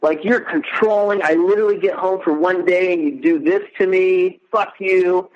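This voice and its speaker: A raging, accusing woman who swears at her husband, put on briefly by a man telling his story. The voice sits somewhat higher and is sharp with anger. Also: moderate pace, lo-fi sound, natural voice. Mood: furious. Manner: cursing, accusing. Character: angry shouting woman, ex-wife.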